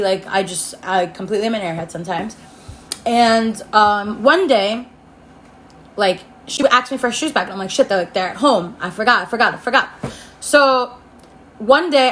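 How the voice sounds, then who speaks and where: A woman's voice: mid-range voice, fairly bright tone, a little hiss or hum. A young woman telling a casual story on her phone camera, rambling, laughing, and saying "like" a lot. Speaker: storytime vlogger. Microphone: iPhone.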